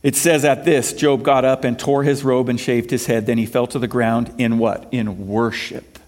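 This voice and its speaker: A man's voice: medium pitch, flat delivery, moderate pace, a little mellow. A male pastor preaching a sermon, quoting scripture and asking the congregation questions as his emphasis rises and falls.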